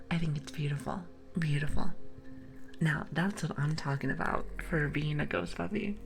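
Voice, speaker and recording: A young woman streaming ASMR, chatting and giggling with her viewers in a soft, often whispered voice on a close mic. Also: low voice, slow pace, creaky, long pauses, faint music behind. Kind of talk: whispered ASMR livestream chat.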